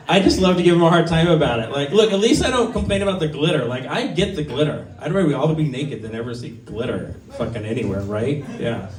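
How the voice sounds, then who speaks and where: A man's voice: a little high, lively intonation, brisk. Crude, rambling man in his fifties. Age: 50s. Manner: self-deprecating, crude, rambling with many ums. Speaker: stand-up comic. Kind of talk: stand-up set at an open mic. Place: small comedy venue. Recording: roomy, mic heard from a distance.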